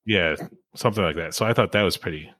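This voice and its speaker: A man hosting a podcast in casual chat, chatty and quick to laugh, often trailing off mid-sentence. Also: sits low, fairly bright tone, dry recording. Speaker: podcast host.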